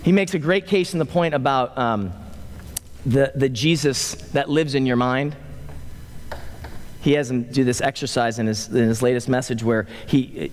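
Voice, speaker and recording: A man preaching a sermon as pastor, animated, with loose conversational fillers, rising for emphasis and dropping low to slow down. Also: big-room sound. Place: church sanctuary.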